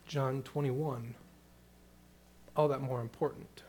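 A middle-aged man preaching a sermon, moving between hushed, tender passages and loud, emphatic questions. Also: medium pitch, steady tone, slow, slight background noise. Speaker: pastor.

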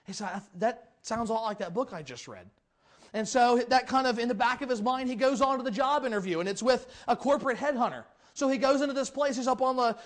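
Male preacher, high, quick delivery, acts out the quotes. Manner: animated, acts out quoted voices. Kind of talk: sermon storytelling.

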